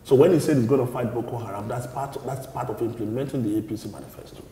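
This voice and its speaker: A party spokesman gives an interview in a mellow, dark voice of even pitch, answering in a measured, explanatory way and repeating words when he restarts. The room echoes with long reverb, and there's slight background noise.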